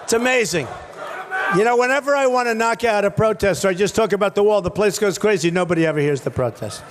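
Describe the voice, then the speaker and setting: A man, a political candidate, giving a rambling, repetitive rally speech on a stage microphone in short punchy phrases, often shouting to the crowd. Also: high-pitched, fast, noisy background. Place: large rally venue with a crowd.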